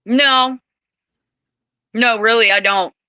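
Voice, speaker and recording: A woman's voice: a little high, steady tone, slow, clean tone, no echo, highs cut off. A woman co-hosting a casual recap chat, hesitant and mostly agreeing. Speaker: podcast co-host.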